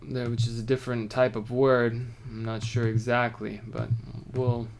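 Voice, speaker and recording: Male Torah teacher, mid-pitched, casual, reads verses aloud and then explains them, with keyboard typing faint in the background. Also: level tone, a little slow, creaky, slight background noise. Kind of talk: informal text study lesson.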